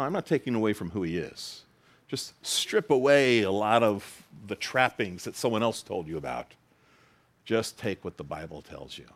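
A man preaching a sermon in a conversational, expressive way, rising high for quoted lines and dropping low for emphasis. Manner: conversational, with asides and laughs. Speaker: pastor.

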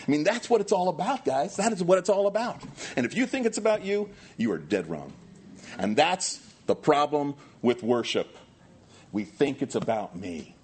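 Emphatic pastor preaching, loud and hushed. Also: male voice, big pitch swings, slightly rough. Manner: emphatic, swings from loud shouting to hushed low tones; reads scripture aloud with slow stressed delivery. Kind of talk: sermon.

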